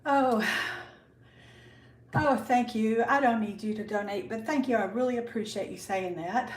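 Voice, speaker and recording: A woman's voice: fairly high pitch, a little slow, reverberant, recorded from a distance, slight background noise. An older woman chatting casually with viewers on a livestream from her kitchen, greeting them by name, a bit out of breath. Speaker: livestream host. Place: kitchen at home.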